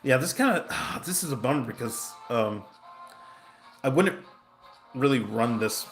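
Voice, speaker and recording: A man's voice: medium pitch, animated, moderate pace, pauses often, fairly bright tone, soft background music. A man chatting casually on a livestream, telling a rambling story full of fillers and restarts while reacting to his game. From Southern California. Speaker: game streamer.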